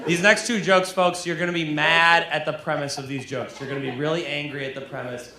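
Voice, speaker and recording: Deadpan stand-up comedian, drunk, echoey club. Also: male voice, on the high side, a little fast. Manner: deadpan, mock-earnest, addresses the crowd. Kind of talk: stand-up comedy set with crowd banter. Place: comedy club stage, audience laughing. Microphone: handheld stage mic. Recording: echoey live club recording, crowd noise.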